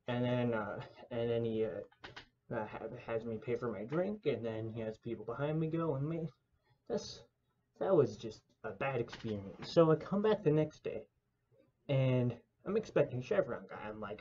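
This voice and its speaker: A man's voice: mid-range voice, normal speed, warm tone, lo-fi sound, slight background noise. A young man telling a rambling story to camera, casual and mock-dramatic, with lots of fillers.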